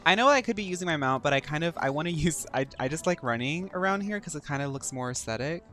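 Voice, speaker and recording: A man's voice: on the high side, expressive, fast, bright, forceful tone, soft background music. A young man streaming a video game, reacting with sassy, campy banter and playful teasing. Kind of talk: live game stream commentary.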